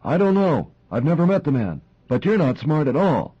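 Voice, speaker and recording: A man voicing a calm, cold middle-aged male crime boss, raspy and impassive in manner. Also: fairly high pitch, normal speed, dull audio, voice pushed up. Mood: mocking. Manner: flat and impassive.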